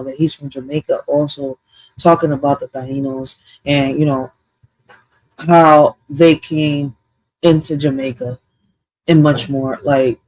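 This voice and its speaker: A casual reaction-video host from Puerto Rico who rambles, repeats phrases and swings between loud and soft while commenting. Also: medium pitch, no echo, rough recording.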